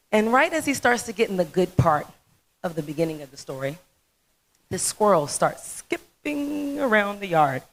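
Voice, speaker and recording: A woman in her thirties giving a motivational conference talk, telling a folksy, animated story. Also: lowish voice, poor audio. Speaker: dentist speaker.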